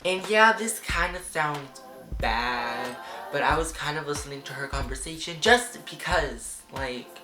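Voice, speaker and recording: A young man tells a storytime to his camera, rambling and packing every sentence with fillers. He gets excitable and acts out how people reacted. His voice rings around a reverberant room while clear background music plays beneath him. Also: fairly high pitch, unhurried. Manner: chatty, rambling, fillers of "like" throughout. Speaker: vlogger. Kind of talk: casual storytime vlog. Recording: roomy echo with background music.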